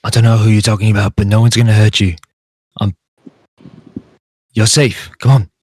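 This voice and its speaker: A man voicing a gruff but kindly Cockney man who reassures a frightened girl, with a Cockney accent. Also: fairly low pitch, little pitch movement, moderate pace, darkish tone. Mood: soothing.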